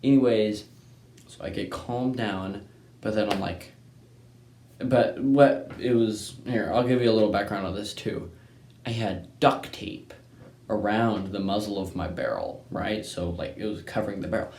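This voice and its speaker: This is a young man from Texas, host of a hunting channel, whose fairly low, slightly mellow voice moves at a measured pace. He rambles through a casual hunting story, constantly asking "right?" and dropping in "anyways." Faint noise and echo fill the room around him.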